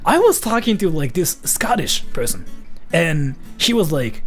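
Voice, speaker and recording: A man from Japan talks casually to his chat, loose and full of fillers. His voice is slightly husky and his pitch swings widely as he rambles. He sounds easygoing and unscripted. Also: unhurried, faint music behind. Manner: loose and rambling, many fillers, lively ups and downs. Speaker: streamer answering chat. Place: VR chat room.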